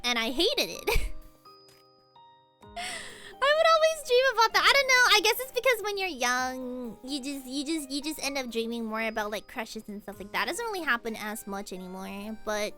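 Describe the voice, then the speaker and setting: Chatty high-voiced young woman streamer. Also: moderate pace, soft background music. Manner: chatty, rambling, animated with laughs and squeals. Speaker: streamer playing a game. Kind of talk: casual gaming stream chat.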